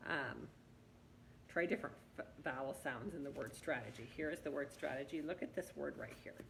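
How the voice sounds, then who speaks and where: Low, gravelly-voiced woman teaching reading. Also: moderate pace, a little hiss or hum, poor audio. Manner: patient, encouraging, coaxing. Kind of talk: one-on-one reading lesson.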